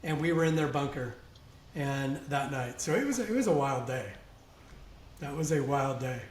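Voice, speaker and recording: A man guesting on a podcast, telling a long anecdote in a casual, animated way and laughing along as he goes. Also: medium pitch, normal speed, roomy sound, slight background noise. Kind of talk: casual storytelling.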